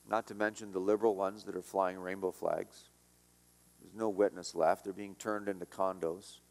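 Preacher in a reverberant hall. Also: male voice, lowish voice, a bit bright. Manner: emphatic preaching with repetition and dropping volume on key lines. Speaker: pastor. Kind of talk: sermon.

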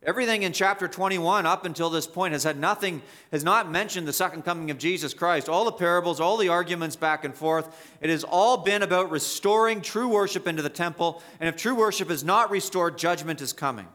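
A man's voice: sits high, a little fast, few pauses, a bit bright. A male pastor preaching an expository sermon, emphatic and repetitive, rising sharply to stress key points.

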